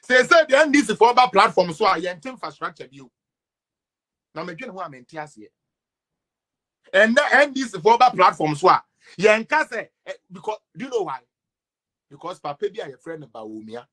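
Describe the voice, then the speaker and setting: Ghanaian male commentator, mocking and emphatic, animated and bright. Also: high voice, moderate pace, long pauses. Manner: mocking, emphatic, swings between loud outbursts and mutters. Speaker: political commentator. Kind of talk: sarcastic political rant.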